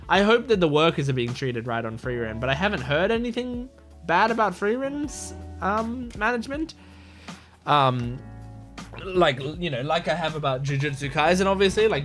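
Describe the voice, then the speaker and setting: Excitable rambling young man. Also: a little high. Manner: excited, rambling, peppered with "like" and swearing. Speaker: anime reaction host. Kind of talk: casual reaction commentary.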